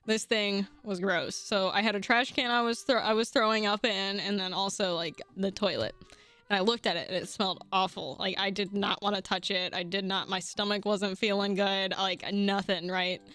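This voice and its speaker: A young woman telling a personal story in a casual, animated way, swearing freely, laughing often and restarting her sentences. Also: mid-range voice, normal speed, faint music behind.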